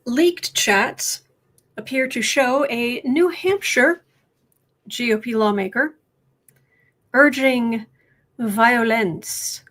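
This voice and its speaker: A woman hosts a casual livestream, chatting with her viewers and reading their comments aloud. Her voice sits a little high, and she speaks slowly. She often stops and restarts her sentences as she thinks. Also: fairly bright tone. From United States. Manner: halting, repeats and restarts, reads viewer chat aloud. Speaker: tarot livestream host.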